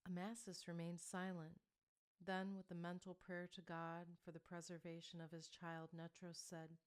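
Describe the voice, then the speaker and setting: A woman narrating a historical romance audiobook in a quiet, low-volume reading. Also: little pitch movement, normal speed.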